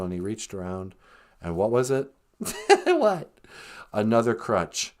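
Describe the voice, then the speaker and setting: A man's voice: on the low side, very animated, slow pace, pauses often. A man hosting a live stream, retelling a story casually, rambling and joking. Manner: rambling, joking, laughs at own jokes.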